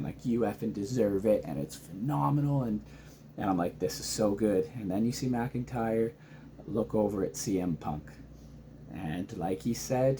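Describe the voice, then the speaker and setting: A married man casually recapping wrestling, excited and rambling with many ums and restarts. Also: lowish voice, a little hiss or hum. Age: adult, married father. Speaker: wrestling reaction vlogger. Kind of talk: casual reaction vlog.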